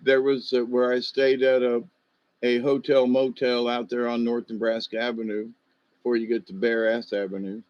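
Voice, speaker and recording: A man's voice: mid-range voice, flat delivery, moderate pace, no room sound, muffled recording. A man telling rambling, folksy stories in a loose monologue, full of fillers and asides.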